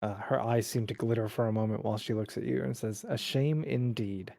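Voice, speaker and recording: Dungeon master guy, relaxed, lots of ums, warm dark voice, dry mic. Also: lowish voice, fast talker, creaky, no room sound. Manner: relaxed narration with frequent ums. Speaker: game master. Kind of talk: narrating a tabletop game.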